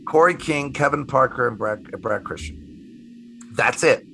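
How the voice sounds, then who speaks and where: A middle-aged man, a magician guest in a casual interview, telling animated stories, acting out the people he quotes and swearing casually. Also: medium pitch, measured pace, creaky, slight background noise.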